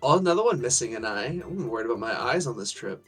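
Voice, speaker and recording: A man's voice: medium pitch, sing-song, fast talker, a bit bright, faint music behind. A man playing a tabletop game, chatting casually and making wry jokes. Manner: joking, wry. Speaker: player.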